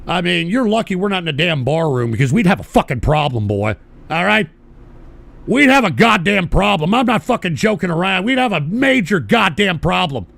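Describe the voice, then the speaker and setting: A man hosting a radio show, ranting angrily and profanely with bursts of shouting while he smokes. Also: sits high, very animated, normal speed, creaky, no echo. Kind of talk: ranting monologue.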